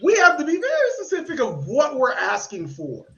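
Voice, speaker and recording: A man's voice: very high-pitched, brisk, vocal fry, muffled recording. A man hosting a podcast, giving opinionated commentary and acting out voices of people he quotes. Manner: animated, acts out quoted voices. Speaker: podcast host. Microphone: podcast mic.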